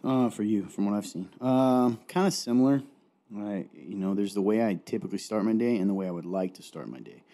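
A man's voice: fairly low pitch, fairly quick, dark tone. A young man co-hosting a podcast in easygoing casual chat, often trailing off mid-sentence. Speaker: podcast co-host.

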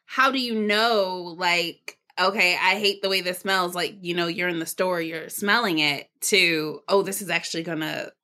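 A woman's voice: on the low side, steady tone, normal speed, hardly any pauses, sharp tone. A woman hosting an interview, asking curious, chatty questions. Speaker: host. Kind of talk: casual interview.

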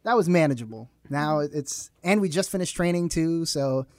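Joking podcast host, slightly high voice. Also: male voice, animated, normal speed, a little mellow, no echo. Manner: joking, easygoing, laughs often. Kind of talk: casual chat. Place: small crowded studio.

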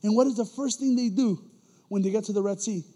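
A man with a strikingly high voice delivers a lively, informal sermon in a church. He talks to the congregation like friends, slips into slang and acts out the people he quotes. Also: fast, long reverb tail. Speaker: church elder preaching. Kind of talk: casual sermon.

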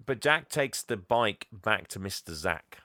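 A man's voice: fairly low pitch, animated, unhurried, pushed and bright, dry recording. Laughing, rambling man recapping a film. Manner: laughing, rambling storyteller, acts out characters. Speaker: podcast co-host. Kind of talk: casual movie recap chat.

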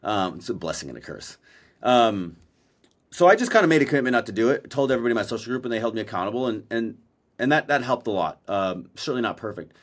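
A self-described verbal processor co-hosts a podcast from Maui, chatting casually, bluntly, and profanely over a video call. He is a very animated, fast talker with a mid-range voice.

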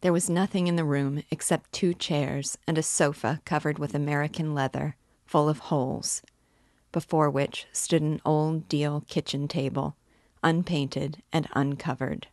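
A woman narrating a classic novel as an audiobook reader and guide, in a measured, even way. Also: sits low, dry recording, studio quality.

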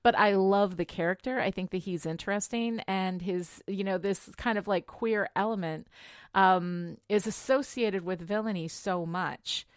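A woman co-hosting a podcast, chatting with enthusiasm and thinking out loud, full of fillers and restarts. Her voice is mid-pitched and recorded close in a dry room. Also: normal speed, clear, resonant tone, dry recording. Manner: enthusiastic, laughs often, thinks aloud with many fillers. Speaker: podcast co-host. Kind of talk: casual chat about a TV show.

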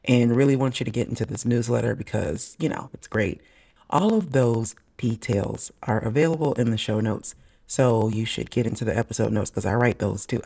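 A woman hosting a podcast in animated, playful casual chat, laughing often. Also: rumbling low, moderate pace, breathy edge. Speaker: podcast host.

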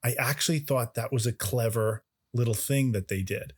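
A man's voice: medium pitch, normal speed, breathy edge. A man co-hosting a movie podcast, chatting in an agreeable, reflective way. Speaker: podcast co-host. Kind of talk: casual chat.

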